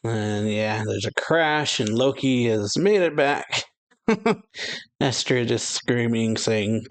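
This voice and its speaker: A man's voice: mid-range voice, a little slow. A man hosting a reaction channel, reading a manga chapter aloud in casual chat, stumbling and correcting himself, chuckling at his slips. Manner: reads aloud with frequent restarts and self-corrections. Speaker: anime reaction channel host. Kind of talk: casual manga read-through.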